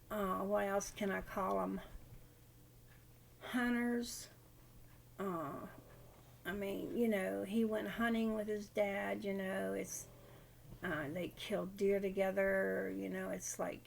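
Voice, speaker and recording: An older woman speaks slowly and haltingly in a casual personal vlog. Her voice has a gravelly, creaky edge, and she rambles through her story as a grandmother would. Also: medium pitch, darkish tone, a little hiss or hum. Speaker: widowed grandmother.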